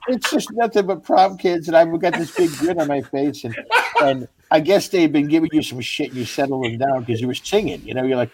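A man, a stand-up comedian, telling profane, animated anecdotes in casual chat with fellow comics. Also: medium pitch, fairly quick, noisy background. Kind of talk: casual storytelling among comics.

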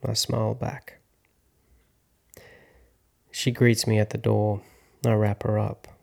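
Casting note: man in his thirties, slow reflective storyteller with a gravelly, flat low voice. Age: 30s. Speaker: podcast host, actor. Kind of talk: first-person storytelling narration.

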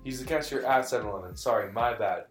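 A man's voice: medium pitch, fast talker. A young man telling a creepy story in casual chat, rambling and stopping to correct himself. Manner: rambling, restarts and apologizes, says dude and bro. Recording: echoey room, faint guitar music.

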